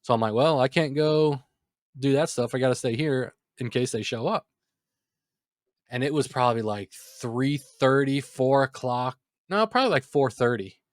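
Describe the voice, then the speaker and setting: A man's voice: medium pitch, normal speed, no room sound, clean studio sound. A man in his thirties co-hosting a podcast, telling a casual, exasperated story about a delivery gone wrong. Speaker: podcast co-host.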